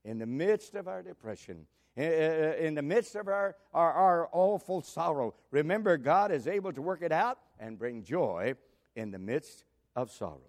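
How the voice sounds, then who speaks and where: An older man preaching a sermon, swinging between loud emphatic exclamations and soft asides. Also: a little high, animated, normal speed. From United States.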